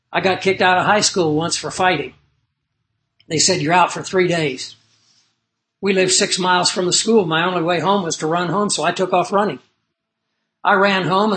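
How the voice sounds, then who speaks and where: A middle-aged man preaching a sermon in an earnest storytelling way, swinging between loud emphasis and low asides. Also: rough recording.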